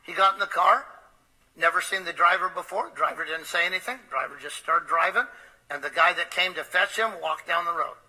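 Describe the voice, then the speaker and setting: Man, preacher, storytelling sermon, fairly high voice, tense bright tone, hesitant fillers. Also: fairly quick, low-quality recording. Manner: conversational, hesitant with frequent uh fillers.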